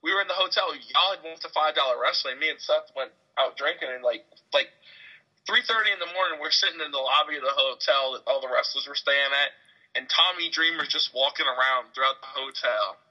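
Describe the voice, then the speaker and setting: A young man chatting casually with a friend, telling stories in an animated way and acting out the people in them. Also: on the high side, fairly quick. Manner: animated storyteller, acts out quotes. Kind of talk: casual chat. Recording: dull lo-fi webcam audio.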